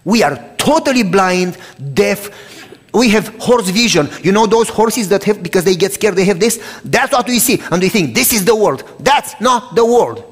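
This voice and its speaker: A Romanian preacher with a Romanian accent delivers a dramatic sermon built on personal testimony, swinging between loud outbursts and hushed storytelling. His male voice sits high and sounds expressive, moving at a normal speed, and the sound carries the feel of a big room.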